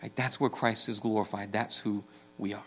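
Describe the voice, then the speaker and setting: A man's voice: on the low side, moderate pace, a little hiss or hum. Conversational male pastor preaching. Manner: conversational, rising to animated storytelling with frequent "right?". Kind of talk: sermon.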